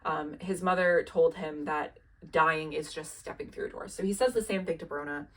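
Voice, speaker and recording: A young woman with a slightly low voice tells a story in a loose, chatty way, her sentences full of filler words. She swears freely and adds dry, sardonic asides as she goes. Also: normal speed. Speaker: TV recap video maker. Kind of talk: casual plot recap.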